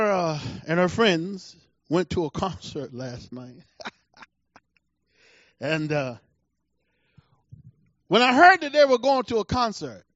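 A middle-aged man preaching a sermon with animated delivery, acting out voices from scripture and laughing at his own asides. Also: very high-pitched, no echo. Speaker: pastor. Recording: dull lo-fi sound.

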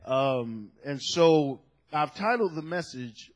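A man preaching a sermon as pastor of his church, joking with the congregation and rising to shouted emphasis. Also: sits high, animated, measured pace. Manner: jokey, builds to shouted emphasis.

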